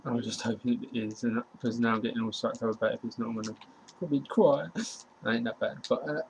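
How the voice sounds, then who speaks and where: A young man, casually commentating his own football video game match, excitable and slangy, talking to the game and his opponent. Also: medium pitch, quick pace, a little hiss or hum, rough recording. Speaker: gaming YouTuber.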